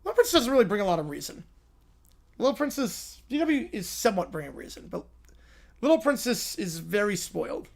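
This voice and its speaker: A man's voice: high-pitched, big pitch swings, fairly quick, creaky. A man hosting a live stream, reading skits and dropping dry, wry asides. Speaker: livestream host. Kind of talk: casual commentary on read-out skits.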